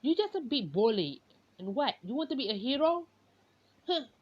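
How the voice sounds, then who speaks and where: A woman's voice: sits high, big pitch swings, normal speed, slightly rough, voice pushed up, exaggerated voice. Stern young hero girl, as a woman puts her on. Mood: stern scolding. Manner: scolding, firm and earnest. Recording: dull lo-fi recording.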